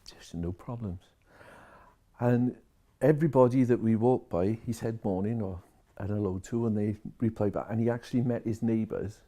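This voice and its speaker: Man, care worker, lowish mellow voice, chatty storyteller who relays every exchange. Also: normal speed. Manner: chatty, retells conversations line by line. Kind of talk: storytelling to camera.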